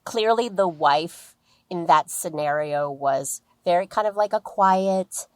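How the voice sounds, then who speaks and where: A woman's voice: lowish voice, takes it slowly, dry recording. A woman guest on a podcast telling a story casually and acting out the people in it. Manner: animated, acts out the people in her stories.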